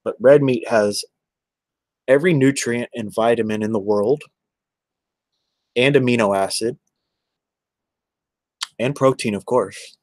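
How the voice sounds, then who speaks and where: A man's voice: mid-range voice, unhurried, pauses often, darkish tone, dry recording. A man, chatting casually on a livestream and answering viewers by name in a rambling way. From Texas.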